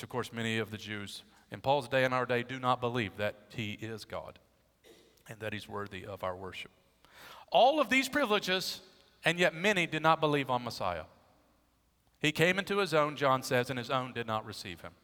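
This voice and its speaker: A man with a sharp, mid-range voice preaches an expository sermon, teaching emphatically and posing rhetorical questions to his listeners. Long hall reverb fills the recording.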